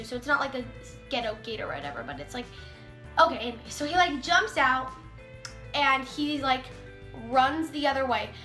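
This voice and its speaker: A woman's voice: high voice, bright, forceful tone. A teenage girl vlogging a story in a chatty way, full of "like", acting out quotes. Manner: chatty, heavy use of "like", acts out quotes. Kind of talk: casual storytime vlog. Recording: echoey room, faint music.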